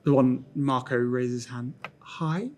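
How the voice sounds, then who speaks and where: Game master, man, mid-pitched; loose, casual narration with lots of fillers. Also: fairly even intonation, unhurried.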